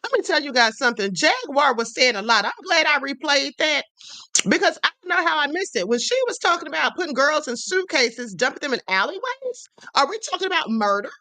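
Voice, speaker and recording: A woman's voice: high-pitched, sing-song, a little fast, sharp tone, no echo. A woman hosting a livestream, giving sassy, emphatic commentary and calling viewers honey. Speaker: livestream host.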